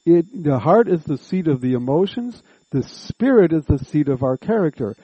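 A man preaching a sermon, slow and deliberate, drawing out words and making earnest appeals to his listeners. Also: on the high side, expressive, breathy edge, no echo, lo-fi sound.

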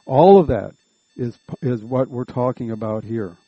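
A man preaching a sermon, slow and deliberate, drawing out words and making earnest appeals to his listeners. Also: mid-range voice, husky, no echo, dull audio.

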